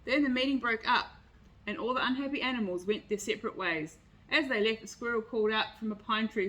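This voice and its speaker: Lady reading a kids' story out loud, bright clear voice. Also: a little high, brisk, rough recording. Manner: expressive. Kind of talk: reading a picture book aloud.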